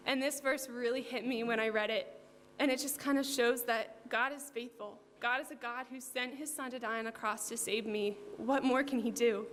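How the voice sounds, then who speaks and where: A young woman from New Jersey gives an earnest, heartfelt testimony in a church hall, often saying um and like. Her voice is a little high, steady, a bit bright, at normal speed with few pauses. The recording has hall reverb and a faint hum.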